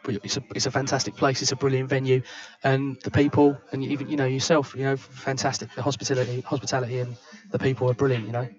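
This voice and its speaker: A man's voice: mid-range voice, level tone, fast, hardly any pauses, highs cut off. A man from Kent with a southern English accent, close to Cockney, giving chatty live pool commentary in a sports bar, often repeating words and restarting. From Kent, England.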